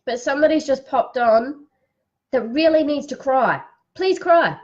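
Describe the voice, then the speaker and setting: On a live stream, a woman gives a psychic reading, tearful as she slowly and soothingly guides the listener's breathing. Her voice is high, and the audio sounds dull.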